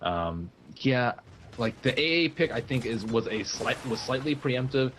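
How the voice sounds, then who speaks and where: A man's voice: medium pitch, a little slow, a bit bright, a little hiss or hum. A man co-commentating a live video game match, casually analysing the play, teasing his partner and filling his talk with "like" and restarts. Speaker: esports co-commentator.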